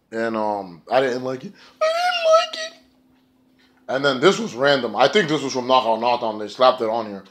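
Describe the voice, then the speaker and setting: Profane rambling male reviewer. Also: mid-range voice. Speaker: wrestling show reviewer. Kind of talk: casual spoken review.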